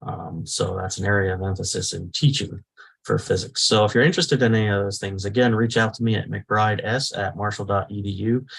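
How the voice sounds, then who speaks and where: A physics professor giving welcome remarks at an online talk, pausing often with fillers. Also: male voice, lowish voice, gravelly, rough recording. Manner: hesitant, many "uh" fillers.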